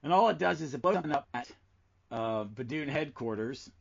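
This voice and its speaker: A man co-hosting a casual podcast chat about comics, talking with enthusiasm and reading lines aloud slowly for effect. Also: medium pitch, animated, gravelly. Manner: enthusiastic, reads comic dialogue aloud with slow emphasis. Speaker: podcast co-host. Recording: dull lo-fi podcast audio.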